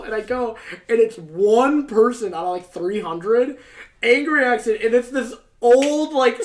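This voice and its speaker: A man's voice: very high voice, echoey room. A young man co-hosting a casual podcast, telling a rambling story full of fillers and swearing. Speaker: podcast co-host. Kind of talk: casual chat.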